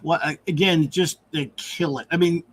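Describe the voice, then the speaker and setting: A man hosts a review podcast and talks in a relaxed, wry way. His voice sits a little higher than most men's, and his sentences tend to trail off into mutters. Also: moderate pace, breathy edge. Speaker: podcast host. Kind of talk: casual review chat.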